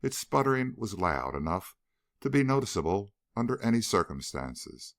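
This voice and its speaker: Guy reading an audiobook, deep voice, lots of pitch movement, dry close sound. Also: very animated, normal speed, vocal fry, dry recording. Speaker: audiobook narrator. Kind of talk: scripted narration.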